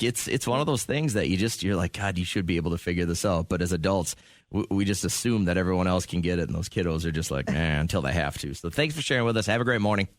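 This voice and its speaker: A man's voice: lowish voice, no echo, clean studio sound. A man hosting a morning radio show, talking in a joking, self-deprecating way. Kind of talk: casual radio banter. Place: radio studio. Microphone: studio mic.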